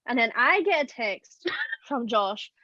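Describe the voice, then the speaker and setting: An Irish woman, a voice actor, telling stories in an animated, rambling way in casual podcast chat. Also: on the high side, takes it slowly, dry recording, highs cut off. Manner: chatty and animated, rambling storytelling. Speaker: audio drama voice actor.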